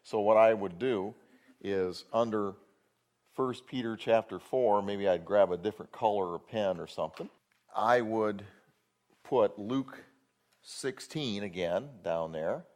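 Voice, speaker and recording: A man with a fairly low voice leads a classroom lesson. He works through each point methodically and keeps asking his listeners quick questions. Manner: methodical, explains step by step with rhetorical questions. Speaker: Bible study teacher. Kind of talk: classroom word-study lesson.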